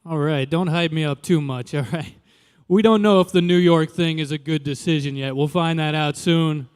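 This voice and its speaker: A man's voice: on the high side, moderate pace, clear, resonant tone. A man doing casual, wry stand-up comedy on a handheld stage mic, firing off exasperated questions.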